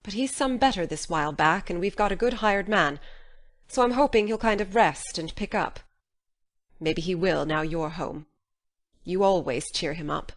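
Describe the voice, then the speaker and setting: Lady doing a plainspoken older farm woman, lowish voice, no-nonsense country talk. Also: normal speed, close to an everyday voice. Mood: worried. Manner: plain, matter-of-fact country speech. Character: stern practical older woman, worried and plain-spoken. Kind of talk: full-cast audiobook drama.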